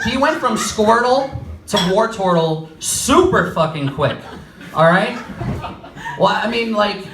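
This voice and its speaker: High-voiced man doing stand-up in an echoey club. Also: far from the mic. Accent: New York. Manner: animated, acts out quoted lines. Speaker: stand-up comedian. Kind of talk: stand-up comedy set. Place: small comedy club.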